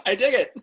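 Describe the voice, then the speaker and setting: A man's voice: extremely high pitch, fairly bright tone, breathy edge. A man hosting an online show, with an upbeat, emphatic sign-off patter. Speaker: host.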